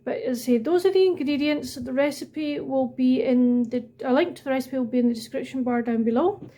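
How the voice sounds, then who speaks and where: A woman with a Highland Scottish accent chatting candidly to her viewers about books and baking. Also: fairly quick, warm tone. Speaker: book and baking vlogger. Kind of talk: casual book review and cooking chat.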